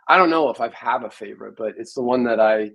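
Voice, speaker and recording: A man's voice: medium pitch, fast, creaky, fairly bright tone, poor audio. A man in his sixties, a programmer, telling rambling stories in a casual interview. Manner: rambling storyteller, many fillers.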